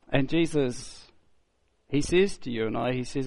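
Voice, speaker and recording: A man's voice: medium pitch, measured pace, creaky, darkish tone. A man preaching a sermon in a conversational, storytelling way, often asking rhetorical questions and repeating key phrases.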